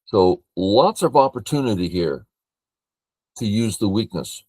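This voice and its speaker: An older man from California walks through a board game as a teacher, thinking aloud in a matter-of-fact way. His voice sits somewhat low and he talks very slowly. The sound is dry and close. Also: lively intonation, a little mellow, no room sound. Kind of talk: game review lesson.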